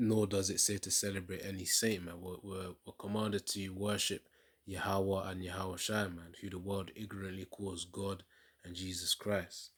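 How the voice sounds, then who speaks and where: A man's voice: deep voice, little pitch movement, moderate pace, fairly bright tone, slightly rough. A man giving casual religious reaction commentary in a preachy way, often tacking on "man" and laughing.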